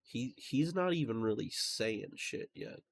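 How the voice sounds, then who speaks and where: A man's voice: medium pitch, unhurried. A man hosting a music reaction video, talking casually with fillers and restarts. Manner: relaxed, rambling with fillers and restarts. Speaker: music reaction channel host.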